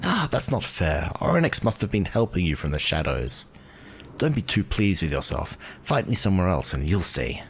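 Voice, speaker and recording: A man giving casual gameplay commentary as a video host, thinking aloud in a musing, drawn-out way. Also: deep voice, very animated, vocal fry, slight background noise.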